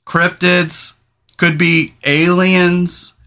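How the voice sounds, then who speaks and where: This podcast host records from a small rural trailer, and his voice is high, pushed and bright, delivered flatly and very slowly. He still rambles with enthusiasm and opens with an emphatic intro like an announcer.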